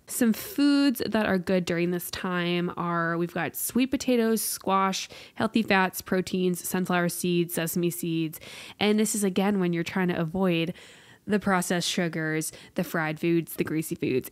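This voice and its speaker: A woman's voice: mid-range voice, normal speed, dry recording. Chatty young woman hosting a podcast. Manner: chatty and expressive, with jokey exasperated asides. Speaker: podcast host. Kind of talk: casual solo podcast chat.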